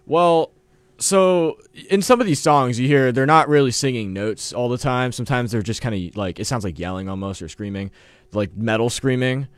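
A man's voice: mid-range voice, normal speed, clean tone, dry recording. A young man, a student guest on a radio show, talking eagerly but with many restarts and repeated words. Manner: hesitant, repeats words, enthusiastic. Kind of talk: casual radio interview. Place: radio studio.

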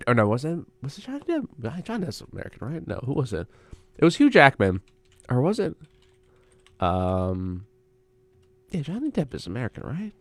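A man's voice: medium pitch, dry recording. A young man hosting a college radio show, chatting alone in a rambling, self-interrupting way into a studio mic. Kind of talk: casual solo radio chat.

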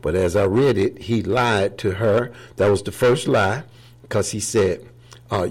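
Older-sounding gravelly guy preaching, husky low voice, folksy and rambly, keeps saying praise the lord. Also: moderate pace, darkish tone. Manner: rambling, with many fillers. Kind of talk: informal sermon.

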